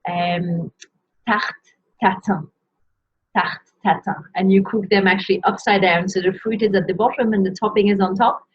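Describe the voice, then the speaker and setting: A woman teaching how to pronounce pastry names in a slow, careful lesson, saying each word and repeating it. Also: mid-range voice, fairly even intonation, slightly rough. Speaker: French teacher. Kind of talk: pronunciation lesson. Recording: dull lo-fi sound.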